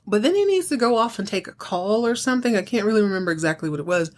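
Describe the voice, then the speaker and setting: A woman hosts a podcast, casually recapping a TV episode as an animated storyteller who acts out the characters' lines. She talks fast at a medium pitch.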